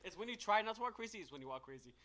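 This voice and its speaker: A man's voice: sits high, lively intonation, rapid-fire, over a noisy crowd. A man co-hosting a podcast, chiming in with teasing, laughing comments in casual chat. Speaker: podcast co-host.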